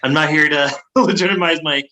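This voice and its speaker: A man's voice: a little high, fairly quick, sharp tone, a little hiss or hum, poor audio. A man co-hosting a casual sports history podcast, full of fillers and laughing at his own pronunciation. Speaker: podcast co-host.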